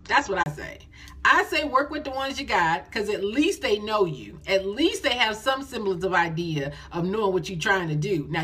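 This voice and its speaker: A middle-aged woman coaching nonprofits on a phone live stream, lively and folksy, repeating phrases for emphasis. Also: mid-range voice, husky.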